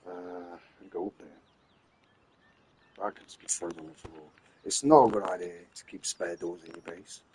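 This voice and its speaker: A man's voice: low voice, fairly even intonation, normal speed, darkish tone, slight background noise, low-quality recording. A man giving rambling, casual commentary as he plays a game late at night, tired and repeating himself while handing out tips. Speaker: gamer streaming his play.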